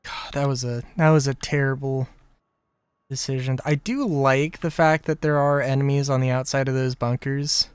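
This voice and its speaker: A man's voice: medium pitch, steady tone, normal speed, smooth, dry recording. A man streaming a game live, chatting casually in a rambling, self-correcting way. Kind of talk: casual gameplay chat.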